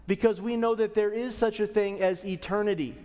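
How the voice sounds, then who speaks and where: A man's voice: high-pitched, fairly even intonation, brisk, dark tone, big-room sound. A man in his thirties preaching a sermon as a pastor, conversational and often checking in with the audience. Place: church auditorium.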